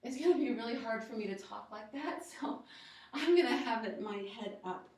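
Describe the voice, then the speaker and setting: A woman leading a yoga class, encouraging her students with steady step-by-step cues and countdowns. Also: on the high side, normal speed. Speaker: yoga instructor. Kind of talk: guided workout instruction. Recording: very echoey room, voice from far off.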